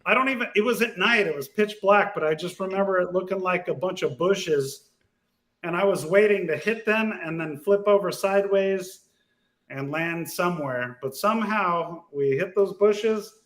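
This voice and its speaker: A man's voice: high-pitched, moderate pace. A man speaking as a podcast guest, telling racing stories in a laid-back, casual way. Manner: laid-back storyteller, animated when retelling races. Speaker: guest, off-road racer.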